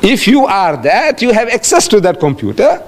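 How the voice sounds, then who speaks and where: Speaking at a moderate pace in a high, sing-song voice, this older South African-accented Islamic lecturer addresses the public on religion. His delivery is emphatic and repetitive, and he performs the speech he quotes.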